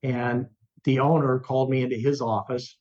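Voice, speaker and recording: An older man, a radio host, telling lively anecdotes in an interview and acting out the voices of the people in them. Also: mid-range voice, normal speed, lo-fi sound. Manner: animated anecdote telling, acts out quoted voices. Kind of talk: storytelling in an interview.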